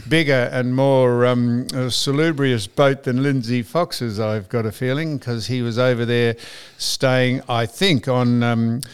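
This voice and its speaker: A man, hosting a chatty podcast and rambling through shout-outs and digressions. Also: medium pitch, steady tone, unhurried, few pauses, smooth. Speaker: podcast host. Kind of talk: casual banter podcast.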